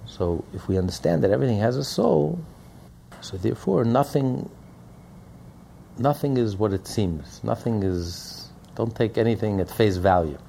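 A man's voice: fairly low pitch, expressive, moderate pace, gravelly, dark tone, slight background noise. A man teaching a Hasidic text in a lecture, repeating points and asking rhetorical questions. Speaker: Torah teacher.

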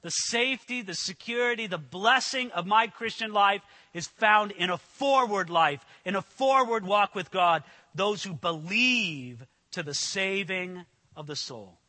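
A man preaching a sermon to a room of people, earnest and emphatic, slowing down to stress scripture quotes. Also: high-pitched, animated, bright, forceful tone, big-room sound. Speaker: pastor. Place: church hall with an audience.

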